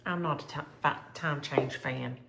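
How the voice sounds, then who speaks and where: A woman's voice: a bass voice, a little slow, creaky, echoey room, background noise. A woman chatting casually and rambling as she shows her cross-stitch projects to viewers. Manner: chatty, rambling, thinks aloud. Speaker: flosstube host.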